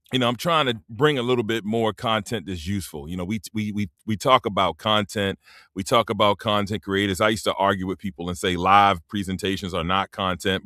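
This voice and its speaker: A man's voice: on the low side, bright, forceful tone, dry recording, clean studio sound. Laid-back man hosting a live stream. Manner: laid-back, rambling, clears throat often. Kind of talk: casual live-stream monologue. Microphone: simple microphone.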